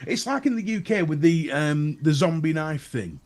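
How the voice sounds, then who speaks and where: A man's voice: fairly high pitch, expressive, normal speed, darkish tone. A Northern English man co-hosting a casual podcast chat, blunt and sweary, laughing at his own jokes. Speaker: podcast co-host.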